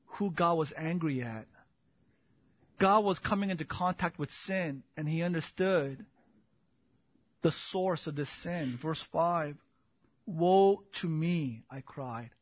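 A man preaching a sermon, swinging from hushed, slow passages to booming, impassioned declarations. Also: no room sound, dull audio.

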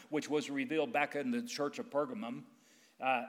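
A man preaching a sermon as pastor, emphatic and intense, swinging between loud and hushed. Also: mid-range voice, steady tone, moderate pace.

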